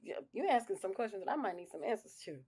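A woman's voice: mid-range voice, expressive, fast talker, darkish tone, slightly rough. A woman interviewer asking questions in a chatty, casual way, often restarting her sentences.

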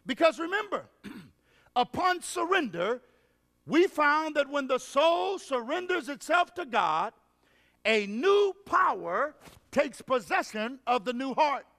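High-voiced preacher in a reverberant hall. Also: male voice, sing-song. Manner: call-and-response preaching, drawn-out phrasing, bursts of shouting. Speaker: evangelist preacher. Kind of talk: revival sermon. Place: large revival hall.

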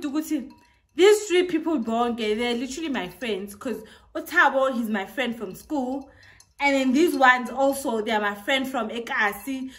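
A young South African woman with a lively accent tells a casual storytime, acting out what others said and mixing in local slang. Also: a little high. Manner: animated, acts out quotes, mixes in local slang. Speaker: vlogger.

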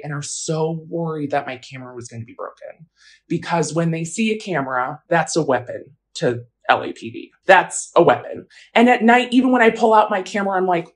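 A woman telling her own story in an interview, casual and blunt, with frequent fillers. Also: deep voice. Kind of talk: personal account in an interview.

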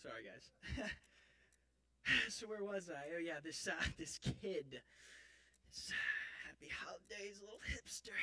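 A man's voice: mid-range voice, sing-song, measured pace, pauses often, bright, forceful tone, heavily acted. A man playing a clumsy, boastful young man in a comic church skit, rambling and self-mocking with theatrical outbursts. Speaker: actor in a church Christmas skit. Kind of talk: comic stage monologue. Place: church stage. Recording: live church audience.

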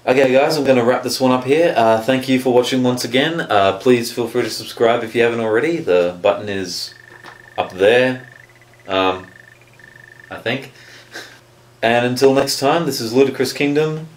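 A man's voice: medium pitch, normal speed, slight background noise. A man hosting his own video channel, talking in a chatty, hesitant way with frequent restarts as he makes announcements, recorded in a room at home. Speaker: YouTube channel host. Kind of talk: casual vlog announcement. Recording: roomy echo.

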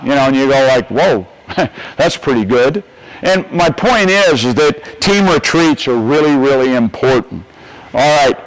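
Poor audio captures an older man from the U.S. addressing a coaches clinic with motivational coaching energy. His voice leans a bit high, and his folksy, emphatic delivery keeps circling back to repeat key points.

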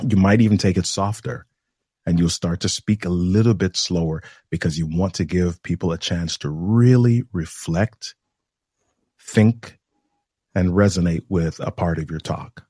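Man, lowish voice, measured instructive delivery, dry close sound. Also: dark tone, husky, no room sound. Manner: measured and explanatory, with deliberate pauses. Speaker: guest, communication trainer. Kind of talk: instructive podcast conversation.

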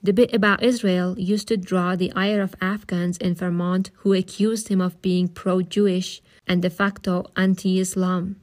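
A woman reading a novel aloud in a calm, steady, audiobook style, with occasional asides of her own. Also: on the low side, measured pace, few pauses.

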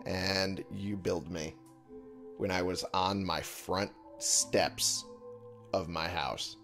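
A man's voice: sits low, fairly even intonation, slow pace, fairly bright tone. A man giving casual gameplay commentary, muttering and swearing to himself in frustration. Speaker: let's play gamer. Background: game music.

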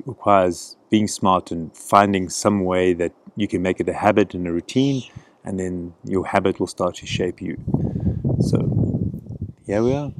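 Calm deep-voiced man teaching breathing. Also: creaky, a little hiss or hum. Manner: calm, gentle, encouraging. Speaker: breathing coach. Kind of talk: outdoor breathing instruction. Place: outdoors in a canyon.

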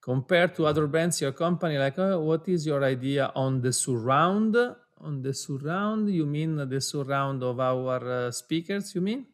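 A man co-hosting a live webinar over a video call, reading out viewer names and greetings, switching languages and quick to laugh. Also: a little high. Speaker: webinar co-host for an audio brand.

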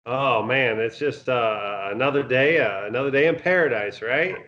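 Relaxed man, halting, over dull audio. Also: mid-range voice. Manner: relaxed, halting speech with many fillers. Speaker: guest. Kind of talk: casual interview chat.

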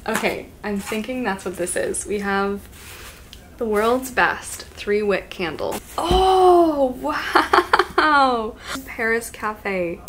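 A woman chatting casually at home as a booktube vlogger, gushing and excitable, with gasps and soft asides. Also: medium pitch, takes it slowly, background noise. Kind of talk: casual unboxing chat.

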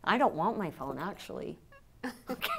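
A woman's voice: medium pitch, very animated, moderate pace. A woman co-hosts a talk show in casual chat and laughs easily. Faint noise sits behind her voice.

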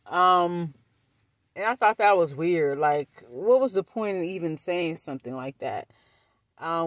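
A woman vlogger telling a storytime, talking bluntly and profanely with animated energy. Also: lowish voice, no echo. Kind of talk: storytime vlog.

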